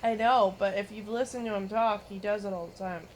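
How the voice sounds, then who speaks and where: A woman streaming a game, chatting casually, giggling and teasing, breaking into loud mimicking bursts. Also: mid-range voice, fairly even intonation, a little fast, a little hiss or hum.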